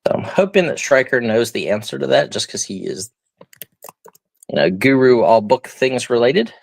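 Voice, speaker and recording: A man's voice: mid-range voice, lively intonation, moderate pace, gravelly, no room sound. A man hosting a live online auction, chatting casually and explaining each item as he shows it. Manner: chatty, rambling, explains items as he shows them. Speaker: auction host. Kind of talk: live stream auction patter.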